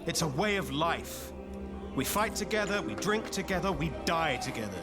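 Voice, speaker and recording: An actor playing a proud, hot-headed young knight in a story-driven game, quick to anger. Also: male voice, on the high side, big pitch swings. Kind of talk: game voice acting. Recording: game audio with loud music.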